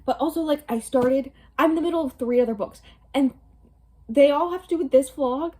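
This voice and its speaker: In this home-recorded book vlog, a woman in her twenties speaks in a high, darkish voice at a slightly quick clip. Her casual chat rambles along with lots of fillers and small laughs, aimed at the camera before her.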